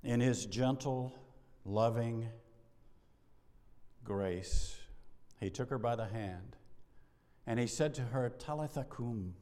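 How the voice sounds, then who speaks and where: Middle-aged guy preaching, lively, acts out little scenes, voice rings out in a big reverby church. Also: medium pitch, slow pace, pauses often. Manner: animated preacher, acts out dialogue, laughs often. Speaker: pastor. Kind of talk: sermon. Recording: long hall reverb.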